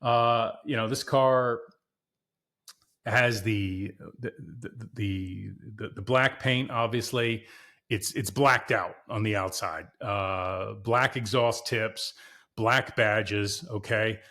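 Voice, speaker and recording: A man's voice: on the low side, slow, sharp tone. Candid, emphatic man talking cars. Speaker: podcast host. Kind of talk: casual car talk to viewers.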